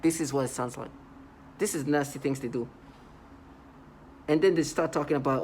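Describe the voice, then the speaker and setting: A man talking in a casual vlog monologue, rambling and halting, with many restarts and stammered repeats. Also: a little high, darkish tone, a little hiss or hum. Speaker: vlogger.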